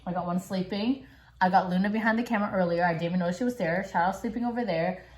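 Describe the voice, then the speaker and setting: A woman filming a casual unboxing vlog at home, chatty and gushing with excitement. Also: medium pitch, very fast, slight background noise, low-quality recording. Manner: gushing, excitable, squeals and gasps. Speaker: vlogger unboxing a package. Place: home, filming with pets nearby.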